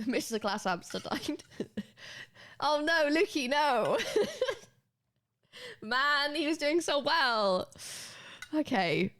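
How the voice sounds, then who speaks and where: A woman's voice: high-pitched, animated, very slow, pauses often, a bit bright. A British woman streaming live, chatting casually and laughing often as she teaches a spelling lesson to her viewers.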